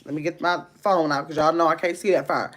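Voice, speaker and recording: A woman's voice: sits low, fairly even intonation, fast talker. A woman from Wisconsin hosting a casual livestream, chatting loosely and greeting viewers by name as she reads their comments. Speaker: livestream host.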